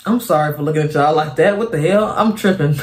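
A man's voice: fairly high pitch, fast talker. A young man hosting a reaction video, talking animatedly and sounding exasperated, throwing "bro" into nearly every line from a home mic setup. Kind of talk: casual reaction commentary.

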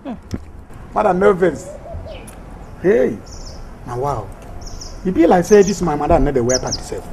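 Pleading Pidgin-speaking houseboy, light higher voice. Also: male voice, big pitch swings, measured pace, noisy background, heavily acted. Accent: Nigerian Pidgin. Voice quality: Pidgin banter, begging tone. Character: cheeky young male houseboy, pleading and joking. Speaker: actor.

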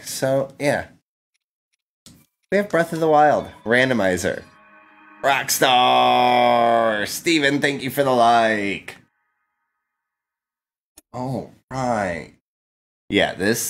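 This live streamer has a mid-range, slightly bright voice. Playing a video game, he offers playful, exclamation-filled commentary, often laughing and thanking his chat.

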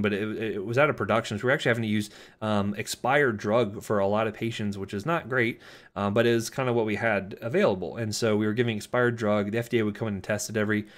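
A middle-aged man from Florida, giving a casual, anecdote-filled pharmacology lecture full of fillers. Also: lowish voice. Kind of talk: recorded lecture.

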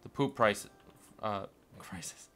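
A young man commentating his city-building game, muttering along and then bursting into panicked, cursing shouts. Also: on the low side, takes it slowly, background noise. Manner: swings from mumbling to panicked yelling, swears constantly. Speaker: gameplay streamer. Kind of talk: casual let's-play commentary.

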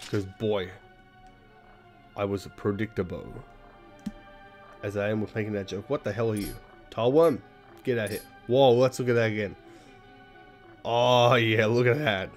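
A man's voice: fairly low pitch, fairly even intonation, a little slow, long pauses, soft background music. A young man giving rambling, jokey, sweary commentary while playing a video game. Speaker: let's play host. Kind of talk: casual gameplay commentary.

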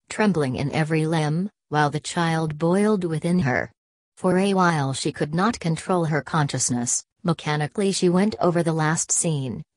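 A woman reading a classic novel aloud as an audiobook narrator, in a steady, even manner. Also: deep voice, no echo. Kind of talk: scripted narration.

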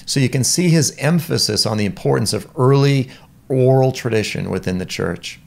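A man's voice: mid-range voice, moderate pace, vocal fry, a little mellow. A man giving an earnest lecture on church history as a Bible teacher, explaining points with emphasis and reading quotes aloud.

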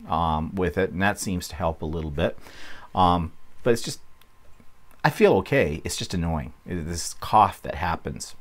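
A man hosting a casual craft vlog, chatty and rambling, correcting himself as he goes, with a slight cough and a frog in his throat. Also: low-pitched. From Canada. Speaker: vlog host.

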